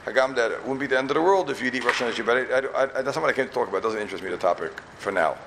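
A rabbi from Borough Park, giving an emphatic yeshiva talk full of repeated questions and wry asides. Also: male voice, medium pitch, very fast, vocal fry, noisy background. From Borough Park, New York.

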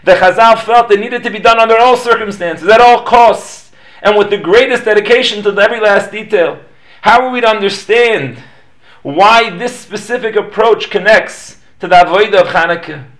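A man reading a prepared Torah lecture aloud in a measured, explanatory way, raising questions and then answering them. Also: high voice, fairly bright tone. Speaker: Torah teacher.

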